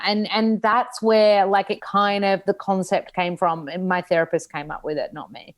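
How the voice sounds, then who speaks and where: A woman's voice: mid-range voice, normal speed. An Australian woman in her thirties, an author talking openly about her own setbacks in a casual interview, with lots of likes and restarts. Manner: open, reflective, frequent likes and restarts. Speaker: author and nutritionist guest. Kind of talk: candid casual interview talk.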